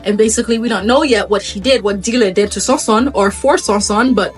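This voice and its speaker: A woman's voice: medium pitch, brisk, faint music behind. A woman from Haiti retelling a folktale in a casual, chatty way with laughing asides. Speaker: vlogger.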